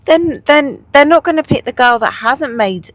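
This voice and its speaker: A woman of middle pitch chats on a podcast, her voice rising and falling a lot. She speaks frankly and openly, laughing easily. The sound is close and dry. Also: expressive, moderate pace, no echo, poor audio. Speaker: podcast co-host. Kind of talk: casual chat.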